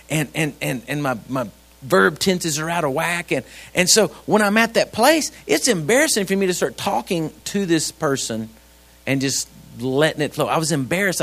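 A man's voice: high voice, a bit bright. Folksy preacher man, conversational. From grew up on a ranch. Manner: folksy, conversational, with rhetorical questions to the congregation. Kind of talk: sermon.

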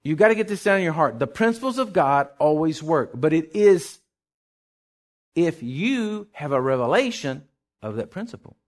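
A middle-aged pastor preaching a sermon, telling a personal story with acted-out quotes and sudden shouts. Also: male voice, on the high side, expressive, normal speed.

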